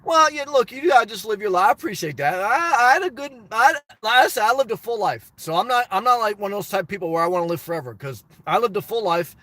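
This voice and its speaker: A man's voice: high voice, expressive, fast, hardly any pauses, fairly bright tone, dry recording. A man casually reading viewer comments and answering them bluntly, rambling with restarts. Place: lives in his car.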